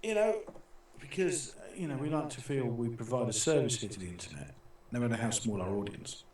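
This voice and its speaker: A man's voice: mid-range voice, expressive, fairly quick, darkish tone, heavy reverb, distant mic. A middle-aged British man hosting a casual talk show, telling stories in a rambling way with many restarts and fillers. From Britain. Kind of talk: casual chat.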